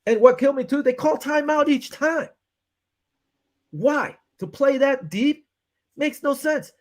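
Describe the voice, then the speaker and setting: A man's voice: very high-pitched, measured pace. A man hosting a casual sports talk show, fired up and frustrated, acting out his own phone calls as he breaks down a game. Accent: Western New York. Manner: animated, retells with quoted back-and-forth, frustrated ranting.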